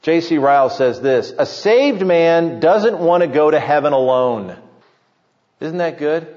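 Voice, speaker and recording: A pastor delivering a sermon with emphatic preaching, slowing down to stress key points. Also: male voice, fairly high pitch, lively intonation, darkish tone. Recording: muffled sound with long hall reverb.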